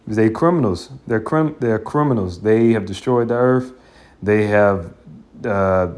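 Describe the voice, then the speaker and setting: A man teaching scripture in an informal, blunt and colloquial way, with scornful asides. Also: fairly low pitch. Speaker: Bible teacher.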